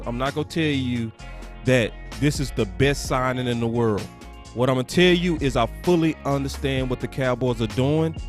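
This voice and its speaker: A man hosting a sports podcast, talking directly and emphatically to his viewers in a casual style. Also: medium pitch.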